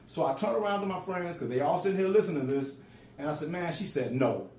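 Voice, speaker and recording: A man's voice: high-pitched, fast, darkish tone. A man in his forties who stutters, telling a personal story in a casual, raw way. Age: 40s. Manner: stutters, repeats words. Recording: roomy with faint ambient noise.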